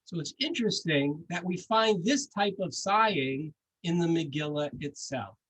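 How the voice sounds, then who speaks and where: A man's voice: a little high, animated, moderate pace, fairly bright tone, slight background noise, poor audio. A man giving a sermon as a rabbi, conversational and storytelling, with jokes and asides.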